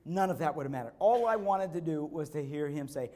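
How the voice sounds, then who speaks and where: On a conference stage, a male keynote speaker gives a motivational speech built on personal stories, his voice higher-pitched and brisk. He's a lively, animated storyteller who repeats key lines for effect and acts out quotes, sometimes bursting into shouts.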